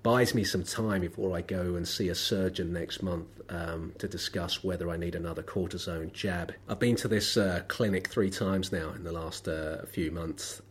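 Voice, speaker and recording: Low-pitched with a breathy edge, this man hosts a podcast on his own despite being unwell. His stories wander, dry and wry, full of filler sounds like um and uh.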